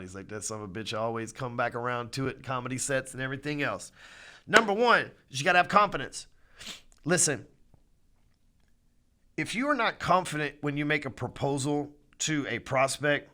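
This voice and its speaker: A man's voice: mid-range voice, pushed and bright. A middle-aged man hosting a podcast, giving a brash, profane, preachy talk on selling. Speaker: podcast host. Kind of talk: profane motivational sales talk.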